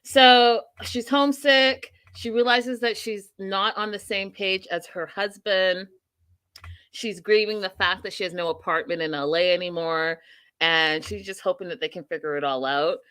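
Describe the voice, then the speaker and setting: A woman's voice: mid-range voice, normal speed, a bit bright, clear, resonant tone. A woman hosting a casual reality TV recap chat, talking with animation, acting out quotes and laughing often. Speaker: host.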